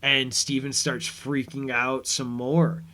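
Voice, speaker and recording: A man's voice: medium pitch, little pitch movement, slow pace, sharp tone. A man hosting a podcast, recapping a TV episode in a rambling, casual way and paraphrasing scenes. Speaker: podcast host.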